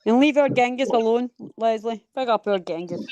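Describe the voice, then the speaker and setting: A woman's voice: fairly high pitch, a little fast, dark tone, dry recording, highs cut off. A woman hosting a live stream in casual, sweary chat, bluntly answering the people in the chat. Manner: brash, sweary, talks back to the chat.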